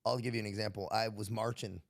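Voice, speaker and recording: A man's voice: fairly low pitch, little pitch movement, quick pace, gravelly. An American man, a military veteran guest, telling stories in a laid-back, profane way and laughing often. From United States. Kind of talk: casual podcast storytelling.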